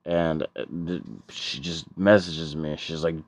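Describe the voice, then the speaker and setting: A man's voice: extremely low pitch, flat delivery, unhurried, no room sound. A man doing a stand-up comedy set, rambling and profane with stammering repeats.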